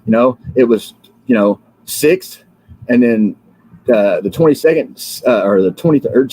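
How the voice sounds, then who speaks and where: A husky-voiced man from the United States hosts a livestream, still drowsy from sleep. He rants in a fiery, repetitive way, stumbling over fillers and restarts. His voice sits at an ordinary middle pitch. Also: expressive, fairly quick, dark tone, no echo, rough recording. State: drowsy, just woken up. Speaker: livestream host. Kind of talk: rambling political livestream rant.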